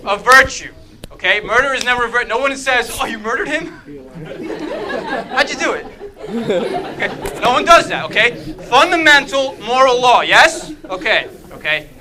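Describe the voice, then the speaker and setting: With a crowd in the background, a high-voiced man leads an interactive apologetics talk at a moderate pace. He keeps checking in with "okay?" and tossing out playful asides in a lively, animated, humorous manner, captured on poor audio.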